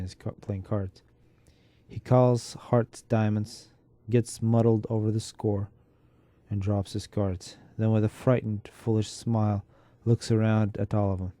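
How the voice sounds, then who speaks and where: Mellow-voiced man reading a story. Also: fairly low pitch, dry recording. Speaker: narrator. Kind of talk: unhurried literary reading.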